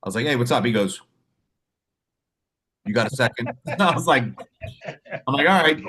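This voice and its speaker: Animated, profane man telling stories. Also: mid-range voice, normal speed. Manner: animated storyteller, profane, acts out quotes. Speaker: podcast host, mental health clinician. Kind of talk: casual podcast chat.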